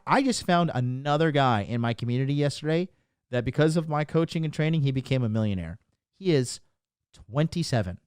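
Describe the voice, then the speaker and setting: A man's voice: medium pitch, smooth, no echo. Brash, mocking male livestream coach. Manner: emphatic, keeps asking "okay?". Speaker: dating coach. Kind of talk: livestream rant to chat.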